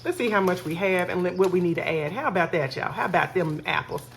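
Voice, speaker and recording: A fairly low-voiced woman chats away to her viewers and counts bills out loud. Her talk is loose and friendly, full of asides to the audience, with a faint hum of room noise behind her. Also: fast talker, creaky. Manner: chatty, talks to viewers as y'all, counts aloud. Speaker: budgeting vlogger. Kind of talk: casual chat while counting cash.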